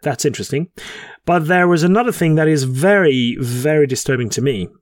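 A man's voice: fairly high pitch, brisk, dry recording, studio quality. A man co-hosting a podcast in casual chat. He jokes, laughs at his own puns and often restarts his sentences. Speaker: podcast co-host.

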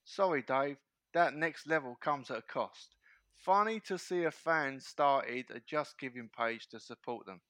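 A man's voice: medium pitch, a little slow, fairly bright tone, dry recording. A man co-hosting a casual talk show, joking as he reads listener messages aloud. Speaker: podcast co-host reading fan messages. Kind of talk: casual banter.

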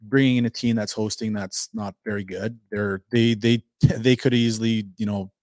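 A man guesting on a sports talk show as a hockey coach, talking in halting bursts with restarts. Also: fairly low pitch, steady tone, a little mellow, dry recording. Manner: halting, restarts words, eager.

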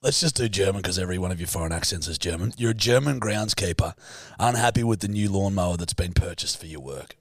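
A man's voice: low-pitched, animated, quick pace, few pauses, no room sound, studio quality. A man co-hosting a podcast, teasing his co-host and setting up comic bits with swearing. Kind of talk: casual chat.

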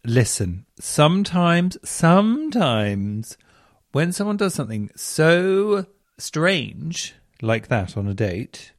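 A man hosting a radio show, reading out listener stories in casual chat, camp and animated, swooping up into exclamations. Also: medium pitch, slow, no room sound, clean studio sound.

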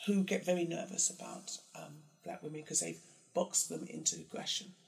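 A woman speaking candidly in a conversation, animated and acting out others' words in voices. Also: moderate pace, creaky. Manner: animated, acts out quotes in high mocking voices.

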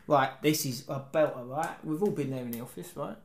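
A man's voice: a little high, fairly quick, a little hiss or hum. Jokey man reading messages aloud. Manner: jokey, laughs often, reads messages aloud. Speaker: podcast co-host. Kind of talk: casual banter, reading listener messages.

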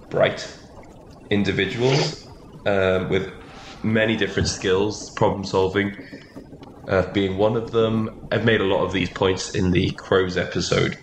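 A man co-hosting a podcast in casual comedic banter, rambling and laughing often. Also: on the low side. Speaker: podcast co-host. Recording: echoey room with background noise.

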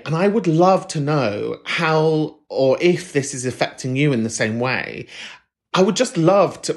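A podcast host with a common British accent, chatting casually and swearing freely while rambling. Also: medium pitch. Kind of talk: casual chat.

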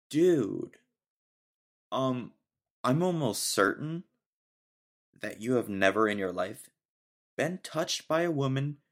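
A young man hosting a casual solo podcast, ranting sarcastically and laughing often. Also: mid-range voice. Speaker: podcast host.

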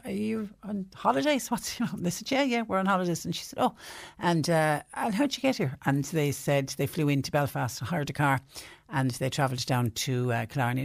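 A man's voice: fairly high pitch, no room sound, studio quality. A man with an Irish accent hosting a radio show, chatting casually and reading out listener letters, slipping into quoted voices as he tells stories.

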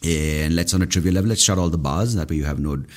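Very deep-voiced man ranting. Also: fast talker. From India. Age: 30s. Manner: profane, exasperated, ranting. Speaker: podcast host. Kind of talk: solo podcast rant.

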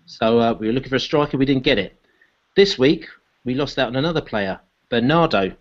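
A man's voice: medium pitch, expressive, brisk. Man hosting a football podcast, lo-fi. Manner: leads the talk, hands questions to the panel. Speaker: podcast host. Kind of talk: casual football chat.

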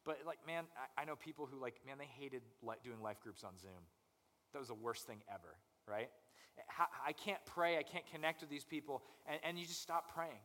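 A young man preaching a conversational sermon as pastor, animated and acting out people's inner voices. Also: medium pitch, normal speed, in a large hall.

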